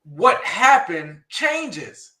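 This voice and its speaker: A man's voice: high voice, very animated, extremely slow, sharp tone. A man co-hosting a casual chat, talking earnestly in a folksy way and often repeating his words. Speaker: co-host. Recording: echoey room.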